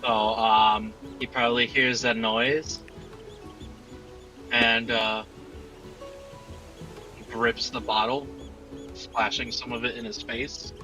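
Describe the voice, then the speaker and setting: A man's voice: medium pitch, little pitch movement, slow pace, long pauses, bright, forceful tone, soft background music, poor audio. A man playing in a tabletop game, describing his character hesitantly. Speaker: player. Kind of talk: casual tabletop play.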